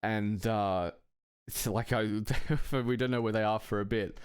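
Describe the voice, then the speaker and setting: Smooth low-voiced rambling male storyteller. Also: steady tone, unhurried, no room sound, studio quality. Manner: rambling, profane, chuckling between phrases. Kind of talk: casual anecdote telling.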